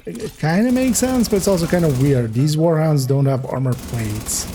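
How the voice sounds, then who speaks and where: A man's voice: a little high, expressive, moderate pace, dark tone, slight background noise. A man streaming a video game, giving casual, rambling commentary with sarcastic asides.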